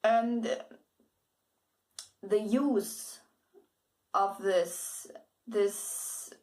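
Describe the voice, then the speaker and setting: A woman's voice: mid-range voice, very slow, a little mellow. A woman with German as her first language gives a casual spoken book review, hesitant, with many fillers, restarts and bits of laughter.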